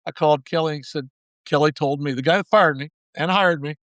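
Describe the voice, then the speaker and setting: A man's voice: on the high side, fairly quick, fairly bright tone, no room sound. Folksy older man telling a story. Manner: folksy storyteller acting out quoted dialogue. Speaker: guest, former baseball manager. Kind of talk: storytelling in a podcast interview.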